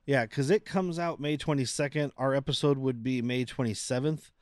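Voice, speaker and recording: In clean studio sound with no echo, a man with a medium-pitched voice and moderate pace co-hosts a podcast. He chats casually, rambling through the upcoming schedule while restarting and correcting himself often.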